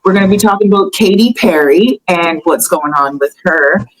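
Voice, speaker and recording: A woman hosting a casual celebrity gossip chat, talking in a chatty, animated way with fillers and laughter. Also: on the low side, moderate pace, poor audio. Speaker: host.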